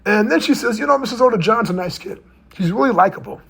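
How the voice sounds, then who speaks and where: A man's voice: sits high, lively intonation, fast, creaky, a bit bright, breathy edge. A middle-aged man, a mental health coach, telling a personal story in a loose conversational way with frequent tag questions. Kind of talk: storytelling talk.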